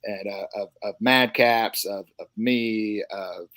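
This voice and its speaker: A man's voice: on the low side, fairly even intonation, slow pace, fairly bright tone, no room sound. A man, a comedian, chatting casually on a live stream and telling self-mocking stories. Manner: playful, self-mocking storytelling. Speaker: stand-up comedian guest. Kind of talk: casual chat with joke telling. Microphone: live stream call.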